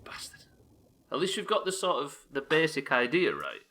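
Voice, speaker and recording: Lively, sweary young male game streamer. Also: on the high side, moderate pace. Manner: animated, sweary, self-mocking banter. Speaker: streamer playing a building game. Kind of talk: live gameplay commentary chatting with viewers.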